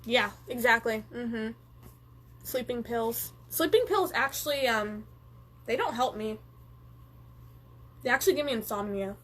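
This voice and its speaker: A woman's voice: fairly high pitch, measured pace, pauses often. A young woman hosting a live stream, chatting casually and swearing freely as she reads viewer comments and answers them. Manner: animated, profane, reads viewer comments aloud.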